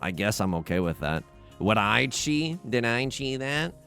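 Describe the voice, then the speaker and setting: Chatty gravelly-voiced young man. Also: medium pitch, sing-song, unhurried, fairly bright tone, faint music behind. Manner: chatty, self-mocking, thinks aloud with frequent laughs. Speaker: let's play host. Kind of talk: casual gameplay commentary.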